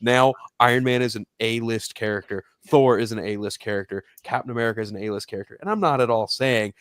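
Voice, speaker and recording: A man's voice: mid-range voice, fast, clean tone, dry recording, clean studio sound. A man ranting in a heated, profane casual chat on a live stream, mocking fans. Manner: ranting, profane, mocks fans in whiny shouts. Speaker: podcast co-host.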